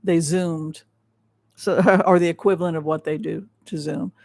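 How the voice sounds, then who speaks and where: A psychic show host runs a livestream of psychic readings and tarot commentary, rambling with many restarts and pressing his points with emphasis. His voice is fairly high, steady in tone and creaky. He speaks at a moderate pace, with no echo.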